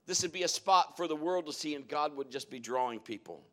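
A man's voice: fairly high pitch, expressive, a little fast, bright, forceful tone. A man preaching a sermon to his congregation in a church, telling folksy stories as he goes. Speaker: pastor.

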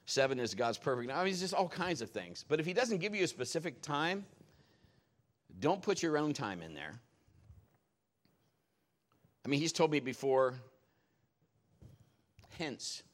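A man preaching a sermon, telling stories in a jokey, animated way. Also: fairly high pitch, normal speed, pauses often.

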